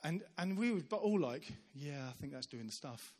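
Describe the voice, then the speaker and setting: A man preaching a sermon, his voice pitched a little high. He tells stories in an animated way, acting out the people in them. His words carry a long reverb through a large church hall. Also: normal speed. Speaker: visiting preacher. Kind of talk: sermon storytelling.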